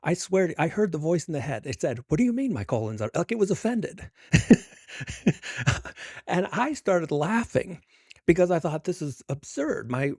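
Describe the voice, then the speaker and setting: A middle-aged man talks as an interview guest in a relaxed, chatty way. He fills his talk with "you know" and "uh", and he often chuckles at his own stories. His voice is mellow and dark, recorded dry and close. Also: a little high, unhurried, vocal fry, pauses often, slightly rough, no room sound. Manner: chatty and self-amused, many fillers. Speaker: author and guest. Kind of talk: casual interview conversation.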